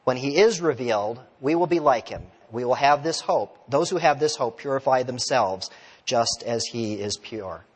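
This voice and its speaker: A male pastor preaching a sermon in a relaxed, conversational way, telling stories and asking the congregation questions. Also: medium pitch, normal speed, breathy edge. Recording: long reverb of a large hall.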